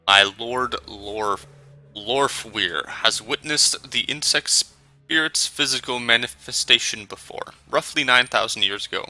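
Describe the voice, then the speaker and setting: A man voicing a grave male dragon's envoy in a video game, with an attempted German accent and slow, drawn-out words. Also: mid-range voice, sharp tone, poor audio. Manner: slow, drawn-out, relishing each word.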